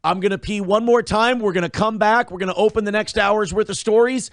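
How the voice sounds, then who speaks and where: A man's voice: steady tone, brisk, no room sound, studio quality. Hyped man hosting a livestream. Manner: swings between hyped and muttering low. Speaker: livestream host. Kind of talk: casual livestream chat reading donations.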